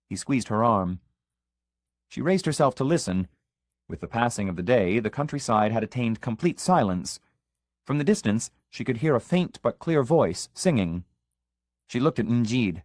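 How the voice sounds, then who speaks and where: A man reading an audiobook as narrator, in measured, even storytelling. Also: mid-range voice, no echo, clean studio sound. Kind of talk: scripted narration.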